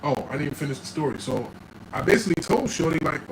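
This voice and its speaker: A man telling stories in an animated, slangy way, often checking in with "right?" as an interview guest. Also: fairly high pitch, fast. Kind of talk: casual storytelling chat. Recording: noticeable background noise.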